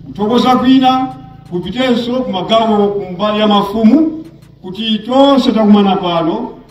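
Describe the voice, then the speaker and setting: A man's voice: high-pitched, a little mellow, roomy sound, recorded from a distance, low-quality recording. A man speaking earnestly at a funeral, thanking guests and dignitaries. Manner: earnest, grateful.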